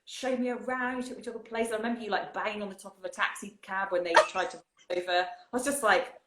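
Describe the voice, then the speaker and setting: A woman's voice: medium pitch, fairly even intonation, quick pace, roomy sound, heavy background noise. A woman from England with an English accent, chatting casually as a guest and laughing often. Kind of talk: casual chat. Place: home in the countryside.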